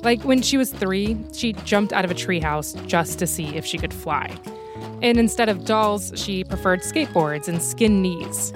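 A woman's voice: mid-range voice, lively intonation. Woman narrating over music. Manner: measured storytelling. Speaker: podcast host and narrator. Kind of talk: scripted documentary narration.

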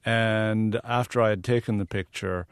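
Southern guy, low voice, earnest photographer talking on radio, dry booth sound. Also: steady tone, measured pace, clear, resonant tone, no echo. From American South. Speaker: guest photographer. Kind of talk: radio interview.

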